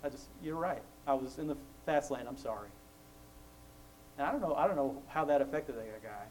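A man talks through his faith in an easygoing, conversational way. He tells his stories with frequent laughs and keeps his pitch in a middle range. A faint hum sits underneath the recording. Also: expressive, a little fast, a little mellow, poor audio. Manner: chatty storytelling, laughs often, acts out quoted voices. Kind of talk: casual faith talk.

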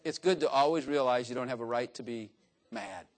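A man's voice: mid-range voice, fairly quick. An older man preaching a sermon in a folksy, joking way, acting out little dialogues in different voices. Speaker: pastor.

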